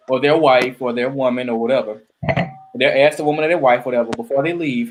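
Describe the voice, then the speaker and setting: A man's voice: mid-range voice, a little fast, slight background noise. A man hosting a casual group podcast over a video call, laid-back and rambling as he sets up a topic. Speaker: podcast host.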